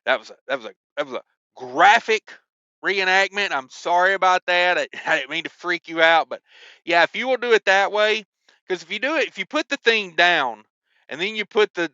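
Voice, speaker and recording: Man, trucker vlogger, chatty, joking, crisp dry voice. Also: sits high, pushed and bright, dry recording, highs cut off. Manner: chatty, joking, lots of ums and asides. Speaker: owner-operator trucker. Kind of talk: casual vlog storytelling.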